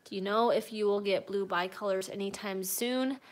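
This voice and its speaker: A woman's voice: mid-range voice, steady tone, normal speed. A woman hosting a casual live stream from home as a cat breeder, answering viewers' comments, laughing often and cooing baby talk at her cats.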